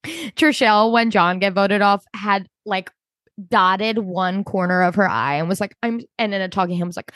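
An animated woman talks through a reality show as a podcast co-host. Her voice sits at a middle pitch, and she often slips into other people's words to act them out. The sound is dry and close to the mic. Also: dry recording. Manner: animated, quick, quotes people in character. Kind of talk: casual chat.

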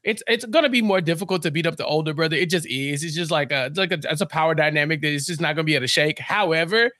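A man co-hosting a podcast in casual chat, animated and acting out characters' lines as he recaps an episode. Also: fairly high pitch, very fast, dry recording, studio quality. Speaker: podcast co-host.

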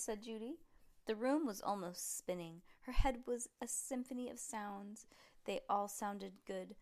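A woman's voice: fairly high pitch, a little slow. A woman reading a children's chapter book aloud. She voices the characters as she goes and stumbles on words now and then. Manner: lively, animated reading with voiced characters and frequent slips. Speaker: storybook reader.

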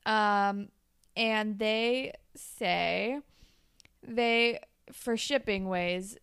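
A woman's voice: mid-range voice, drawn-out words, a bit bright, clear, resonant tone, no room sound, studio quality. A woman co-hosting a podcast, casually chatting and improvising a playful story with lots of filler words. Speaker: podcast co-host.

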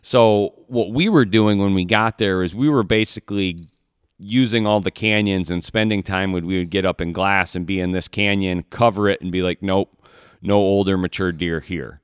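A man's voice: sits low, steady tone, moderate pace, smooth, dry recording, clean studio sound. A man from Michigan telling a hunting story in a casual podcast chat, rambling and restarting his sentences often. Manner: rambling, repeats words, many restarts. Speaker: podcast co-host, hunter.

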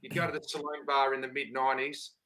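Australian male podcast host, bright tone, laid-back storyteller. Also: mid-range voice, flat delivery, fast talker, rough recording. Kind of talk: casual chat.

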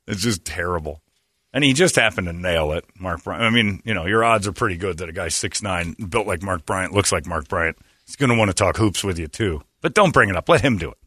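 A middle-aged man hosting a casual comedic chat, telling stories with loud high-pitched impressions of other people. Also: expressive, fairly quick, breathy edge, no room sound, studio quality. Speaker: podcast host.

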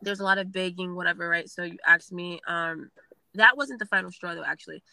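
A young woman tells her story in a blunt, profane, animated way. Her voice is very bright and sharp, recorded dry and close. She talks casually, as if confiding in friends. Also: lowish voice, fairly quick, vocal fry, no echo, rough recording.

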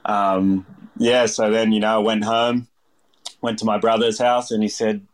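An Australian man in his thirties tells a long story in an interview, rambling and full of fillers. His voice sits a little low. He slips into other people's voices now and then as he goes. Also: level tone, a little slow. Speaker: chef, interview guest. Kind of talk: casual storytelling.

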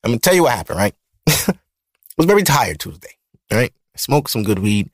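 A man's voice: medium pitch, big pitch swings, fairly quick, dry recording, studio quality. A man in his thirties with a Brooklyn accent, hosting a podcast in casual, profane, rambling talk. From Brooklyn, New York. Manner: loose and profane, rambling storytelling. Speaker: podcast host. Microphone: studio mic.

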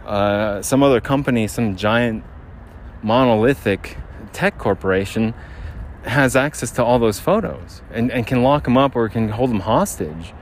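Out of breath as he walks, this male podcast host speaks at a medium pitch, expressively and without hurry, in a loose monologue full of false starts. The recording carries faint outdoor sound from the city street, with traffic in the background and a generator nearby.

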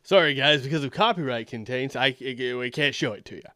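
A man's voice: mid-range voice, a little fast, bright, forceful tone, no echo, clean studio sound. A man reviewing a sermon in a sarcastic, incredulous and rambling way. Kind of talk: critical commentary.

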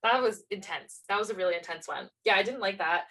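A woman's voice: mid-range voice, lively intonation, quick pace, fairly bright tone, husky, low-quality recording. A woman co-hosting a podcast in casual chat, gushing with enthusiastic fan talk. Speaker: podcast co-host.

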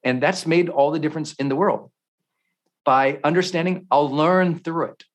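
A man's voice: on the high side, normal speed. Intense motivational male speaker. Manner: intense, storytelling, swings from quiet to shouting. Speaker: podcast host. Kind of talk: motivational talk.

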